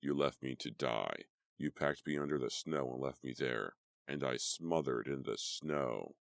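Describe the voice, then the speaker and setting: Man doing a raspy, vengeful teen ghost. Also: extremely low pitch, dry recording, full character voice. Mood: accusing. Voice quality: raspy dry whisper. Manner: slow, dragging delivery. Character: teenage boy's ghost, bitter, vengeful, raspy.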